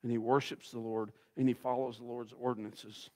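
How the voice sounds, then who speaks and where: A man's voice: medium pitch, little pitch movement, normal speed. Folksy dramatic preaching man. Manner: dramatic, swinging from loud to hushed; folksy storytelling. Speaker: guest pastor. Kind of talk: sermon.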